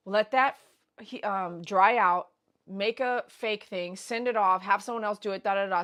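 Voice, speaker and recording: A woman hosting a casual livestream, telling a story in an animated, blunt, slangy way with loud bursts. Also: mid-range voice. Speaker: pet groomer host. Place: grooming shop.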